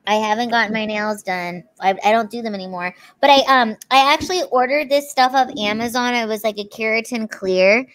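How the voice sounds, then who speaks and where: A woman's voice: fairly high pitch, a little fast, few pauses, no room sound. Woman chatting on a podcast, chill and matter-of-fact, dry close mic. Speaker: podcast guest. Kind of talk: casual group chat.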